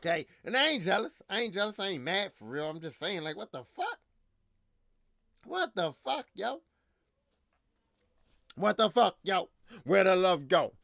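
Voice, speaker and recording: A man's voice: sits high, big pitch swings, normal speed, vocal fry, long pauses, pushed and bright, no echo, clean studio sound. A man hosting a podcast, ranting in casual, profane, slangy talk, repeating himself, a little drunk. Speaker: podcast host.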